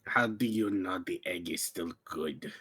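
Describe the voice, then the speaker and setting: A man's voice: deep voice, a little slow, fairly bright tone, slightly rough. A man playing a tabletop game who describes his character's actions in a matter-of-fact way. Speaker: player. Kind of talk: tabletop role-play.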